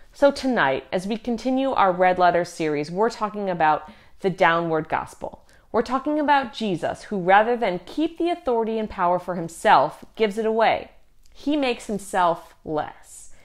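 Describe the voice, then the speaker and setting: Woman giving an earnest youth talk. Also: lowish voice. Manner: earnest, conversational, reads scripture aloud. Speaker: youth teacher. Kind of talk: youth group teaching talk.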